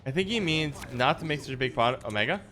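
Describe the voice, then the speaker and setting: A man's voice: medium pitch, lively intonation, fast talker, pushed and bright, faint music behind. A man livestreaming a card game, chatting casually with his viewers in a musing, self-deprecating way. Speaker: streamer. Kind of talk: casual livestream chat while gaming.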